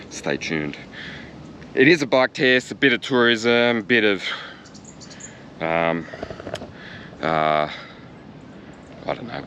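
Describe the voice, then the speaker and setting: Chatty Australian man with a low voice. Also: background noise. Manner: chatty, jokey, talks to himself. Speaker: cycling vlogger. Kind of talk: casual vlog commentary. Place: outdoors in a harbourside park.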